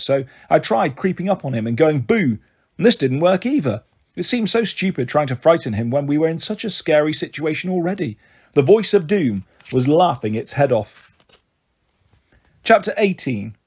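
A man reads a children's novel aloud in a fairly high, husky voice. He narrates in the first person, even and unhurried. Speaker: storybook reader.

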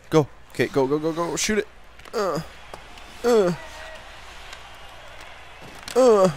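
A young man giving casual, excitable commentary while playing a hockey video game, switching between low muttering and loud yelling. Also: a little hiss or hum. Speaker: gaming commentator.

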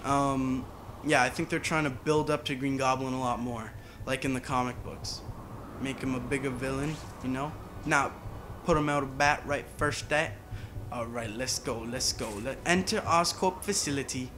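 A man's voice: mid-range voice, steady tone, normal speed, noisy background. A man talking casually over a video game, rambling and drifting onto side tangents. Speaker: gaming channel host. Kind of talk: casual gameplay commentary.

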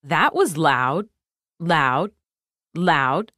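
A woman's voice: low-pitched, lively intonation, very slow, fairly bright tone, studio quality, voice pushed down, full character voice. A woman voicing a fretful female toy karaoke microphone that keeps repeating her words in an echoing stutter. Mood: flat.

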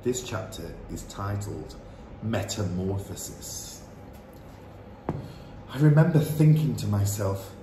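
A man's voice: lowish voice, very animated, slow pace, pauses often, mellow. A man reading a children's book aloud as storyteller, narrating with dramatic expression. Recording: roomy echo, faint hiss.

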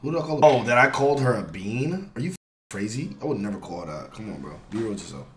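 A young man streaming a live reaction, talking in slang and swinging from low mutters to loud excited shouts. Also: fast talker. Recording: roomy echo with faint noise.

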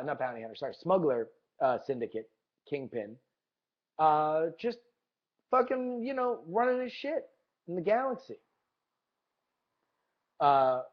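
A man hosting a podcast in a casual monologue, enthusiastic and profane, often repeating his words. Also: on the high side. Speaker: podcast host. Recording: dull lo-fi recording.

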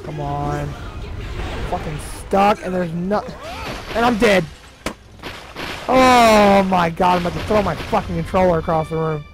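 A man with a high voice plays through a game and comments on it. He is frustrated and swears constantly, snapping at what happens on screen. Game music plays clearly behind him. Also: moderate pace, poor audio. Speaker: let's play gamer. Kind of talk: gaming commentary.

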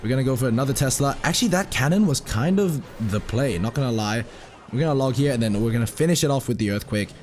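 A hoarse young man giving excitable, self-mocking live commentary while playing a mobile game, swearing often. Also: mid-range voice, quick pace, slight background noise. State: hoarse, recovering from a lost voice.

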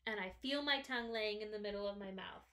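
A woman teaching first graders a phonics lesson on video, sounding out each word slowly and carefully. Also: medium pitch, pushed and bright. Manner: slow, careful, stretched-out sounds.

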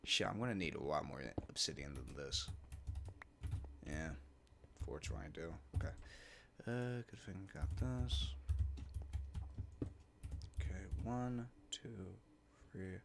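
A young man doing casual let's play commentary, talking to himself and swearing a lot, swinging from mumbles to loud outbursts. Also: low voice, slow pace, gravelly, pauses often, background noise. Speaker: gamer.

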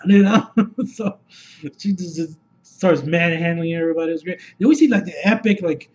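A man with a high voice gushes in a loose, rambling stream, swearing constantly. He talks unscripted, restarting and piling on words. The sound is dull and lo-fi. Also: normal speed. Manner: excitable, rambling, heavy swearing. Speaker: movie reviewer. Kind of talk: unscripted video review.

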